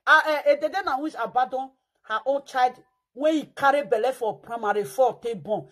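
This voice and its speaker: This high-voiced woman, talking a little fast with a Nigerian Pidgin accent, gives theatrical, mocking commentary in a slightly bright tone. Now and then she breaks into sing-song chanting and pretend wailing.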